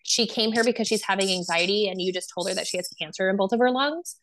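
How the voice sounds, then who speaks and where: A woman's voice: medium pitch, fast, fairly bright tone. A young adult woman speaking as a guest, telling a personal story casually, with lots of fillers and acted-out dialogue. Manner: casual, filler-heavy, acts out quoted dialogue. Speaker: guest sharing her story.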